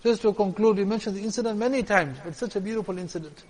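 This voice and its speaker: A man's voice: high voice, quick pace. Impassioned male preacher. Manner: emotive, repetitive, swings from loud to hushed. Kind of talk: sermon with storytelling. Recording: reverberant hall.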